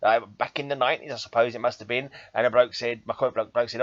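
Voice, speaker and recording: A man's voice: medium pitch, steady tone, fast talker, hardly any pauses, no room sound, dull audio. A man who vlogs about comic books and hosts a metal podcast, rambling casually and laughing at himself. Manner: chatty, self-deprecating, laughs often.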